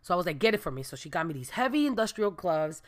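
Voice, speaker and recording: A young adult woman from Brooklyn, New York, casually telling viewers a story and acting out the dialogue with lively voices. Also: on the low side, fast. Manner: animated, acts out dialogue with voices. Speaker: storyteller vlogger.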